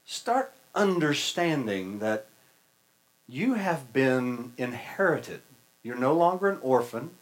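A man's voice: mid-range voice, sing-song, slow, rough recording. Folksy, conversational male preacher. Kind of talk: sermon.

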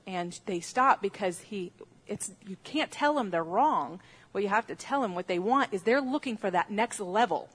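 A woman's voice: mid-range voice, expressive, moderate pace, slightly rough. A woman who teaches on dreams, telling a story in a sermon in a chatty way, with restarts and laughs.

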